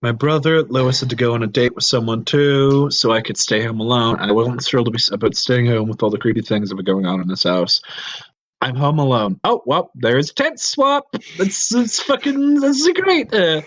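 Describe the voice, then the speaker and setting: A man co-hosting a comedy podcast, reading a creepypasta aloud and riffing on it, swearing and breaking into high-pitched outbursts. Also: moderate pace, a bit bright.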